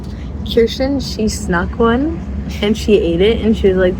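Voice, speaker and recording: A young woman eagerly telling a quick story to a friend's camera in casual chat. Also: mid-range voice, background noise.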